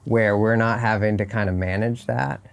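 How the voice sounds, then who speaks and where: A man's voice: lowish voice, steady tone, normal speed, vocal fry. A man talking as a guest on a podcast, thoughtful and often restarting his phrases, at a horse competition. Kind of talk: casual interview chat.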